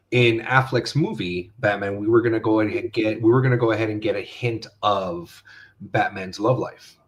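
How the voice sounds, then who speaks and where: A man's voice: lowish voice, fairly even intonation, normal speed. A man co-hosting a podcast in loose casual chat, rambling with restarts and swearing. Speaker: podcast co-host.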